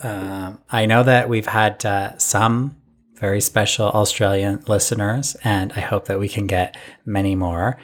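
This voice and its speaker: Male podcast host, low voice, loose chatty delivery with plenty of ums. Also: measured pace. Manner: relaxed, hesitant with fillers. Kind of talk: casual recap chat.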